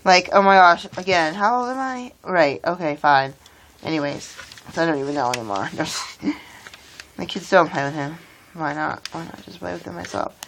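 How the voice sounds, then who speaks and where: Low voiced lady vlogging, rambling while she builds toy bricks, bit of hiss behind. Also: lively intonation, moderate pace, fairly bright tone. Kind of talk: rambling casual vlog.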